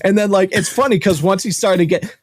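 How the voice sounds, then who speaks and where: A man hosting a podcast and telling a long story in an animated, profane, casual way. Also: high-pitched, a little fast, no echo, clean studio sound. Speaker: podcast host. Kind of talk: casual chat.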